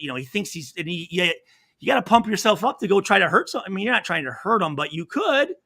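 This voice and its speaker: Brief: man in his forties, ex-football guest, high bright voice, swears freely, rambles through anecdotes. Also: very animated, quick pace. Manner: profane, rambling, acts out quotes. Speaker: former football safety, guest. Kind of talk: casual interview storytelling.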